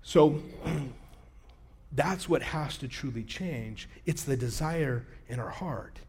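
A man's voice: mid-range voice, slow pace, a little mellow, slightly rough. A male pastor giving a sermon in a casual, storytelling way, acting out the quoted dialogue of his anecdotes.

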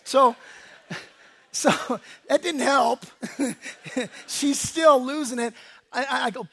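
A male pastor giving a sermon in a conversational, animated way, telling stories with quick asides and laughs, often restarting words. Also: very high voice, vocal fry, husky.

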